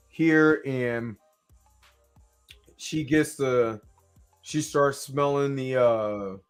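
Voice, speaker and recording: A man from Kansas City hosting a casual live reaction show, talking at length and often asking "you know what I'm saying". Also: medium pitch. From Kansas City, USA. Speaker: show host reviewing an episode.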